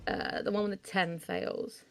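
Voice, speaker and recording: A woman's voice: medium pitch, sing-song, measured pace, music in the background. A woman playing a tabletop game, thinking aloud about her turn and giggling often. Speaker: player.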